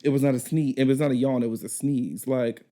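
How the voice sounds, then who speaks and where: Man, podcast co-host, animated storyteller, mellow voice, mid pitch. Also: brisk. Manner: animated, chatty, swears casually. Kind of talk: casual chat, storytelling.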